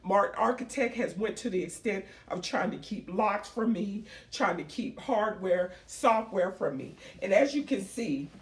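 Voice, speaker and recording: A woman's voice: mid-range voice, lively intonation, measured pace, hardly any pauses. A middle-aged woman and small business owner giving an emotional, emphatic public speech, repeating phrases for force. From United States. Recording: roomy echo, speaker far from the mic.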